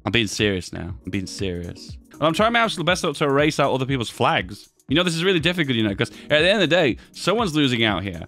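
Chatty man with a lively, bouncing voice. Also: medium pitch, fast, hardly any pauses, soft background music. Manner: chatty, asks viewers rhetorical questions, laughs at own jokes. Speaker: video host. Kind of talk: casual commentary while editing images.

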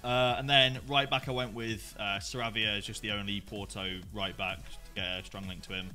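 A man's voice: on the low side, steady tone, moderate pace, pushed and bright, soft background music. A man casually talking through his team and match as a guest player, laid-back and full of fillers. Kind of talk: casual gaming chat.

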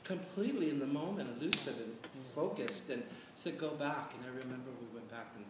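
A middle-aged man on a panel, telling stories in an animated, chatty way and checking in with "right?". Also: medium pitch, a little fast. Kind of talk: storytelling on a panel. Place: large echoey hall at a panel event. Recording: echoey hall from far off, noisy.

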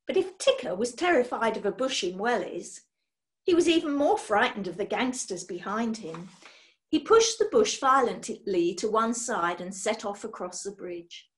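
A woman reading a children's book aloud, expressive, swinging between loud and hushed. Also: on the high side, moderate pace. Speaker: storyteller.

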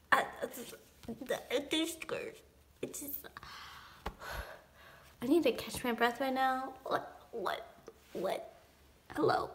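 A young woman unboxing an album in a casual vlog, gushing with delight and swinging between excited squeals and hushed whispers. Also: high voice, slow pace, pauses often.

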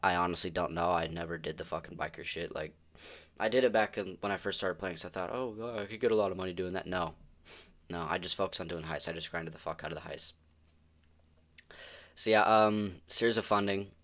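A man's voice: low voice, fairly even intonation, a little fast, a bit bright. A young man giving casual, rambling commentary on video games, swearing often and sounding exasperated. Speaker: gaming video creator.

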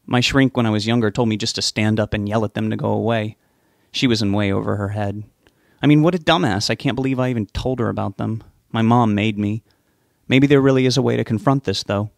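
A man's voice: on the low side, a little fast, gravelly, no room sound, studio quality. Man narrating a novel, conversational. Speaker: audiobook narrator. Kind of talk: first-person novel narration.

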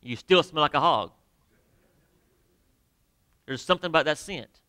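A man preaching a sermon to his congregation, emphatic, with sudden drops to near quiet and direct questions to the listeners. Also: a little high, animated, unhurried, no room sound. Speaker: pastor. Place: church sanctuary.

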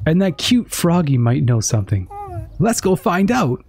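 A gaming streamer reacting excitably and with profanity while playing through a game. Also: medium pitch, moderate pace, breathy edge. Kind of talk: let's play commentary.

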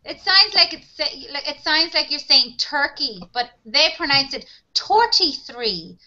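Bright high-voiced woman teaching. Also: moderate pace, dull audio. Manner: reassuring, patient. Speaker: English teacher. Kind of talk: online conversation lesson.

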